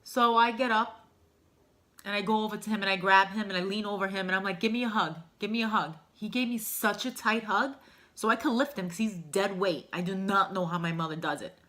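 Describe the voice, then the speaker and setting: Bright-voiced woman telling a heartfelt story. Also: mid-range voice, fairly even intonation, brisk. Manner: emotional, heartfelt, rambling with fillers. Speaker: vlogger sharing a personal caregiving story. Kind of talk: candid personal storytelling to camera.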